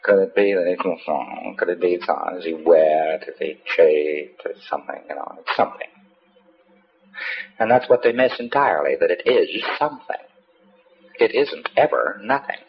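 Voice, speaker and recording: A man's voice: deep voice, animated, normal speed, creaky. A man giving a rambling, anecdotal lecture to trainees, folksy and wry with profane asides, heard on a dull lo-fi tape with faint hiss.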